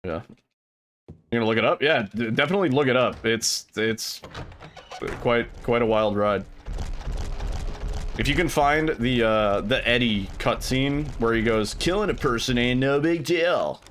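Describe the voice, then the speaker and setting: A man's voice: mid-range voice, a little slow, pauses often, a bit bright, a little hiss or hum. A man streaming a game, chatting casually and swearing freely with lots of filler words. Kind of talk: casual chat while gaming.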